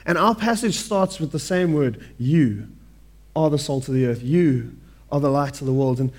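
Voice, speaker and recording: A man with a fairly high voice preaches a sermon. He keeps it conversational and often asks "right?" along the way. He slows down and leans on the scripture lines for emphasis.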